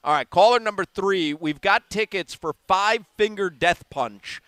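A man's voice: sits high, measured pace, fairly bright tone, dry recording. A man hosting a live talk radio show, chatting in a rambling, self-amused way from a remote broadcast. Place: bar or restaurant remote broadcast.

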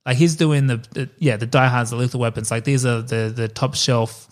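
A man's voice: mid-range voice, steady tone, fairly quick. Man telling a rambling story. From Australia. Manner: loose storytelling with swearing and asides. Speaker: podcast co-host. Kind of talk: casual chat.

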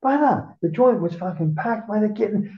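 An Australian man, a former surfer being interviewed, telling stories casually, swearing a lot and jumping up in pitch to act out what people said. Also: brisk, roomy sound, dull audio. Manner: animated, swears constantly, acts out quotes in a raised voice. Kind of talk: casual storytelling.

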